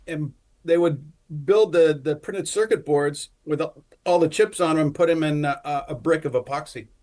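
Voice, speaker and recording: A man's voice: a little high, darkish tone. An older man co-hosting a casual talk, recalling his past work at an easy pace with many fillers. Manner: reminiscing, unhurried, with many fillers. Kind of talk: casual chat.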